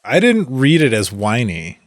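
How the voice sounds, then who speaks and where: A man co-hosts a review podcast and calmly explains how he sees a scene. His voice has a middle pitch. It is recorded dry and close. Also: unhurried, no echo. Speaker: podcast co-host. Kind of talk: casual film review chat.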